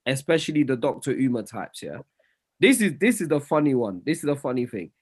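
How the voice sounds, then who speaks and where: A man, arguing animatedly in a casual podcast discussion, swinging between quiet and loud. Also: medium pitch, very animated, brisk, breathy edge.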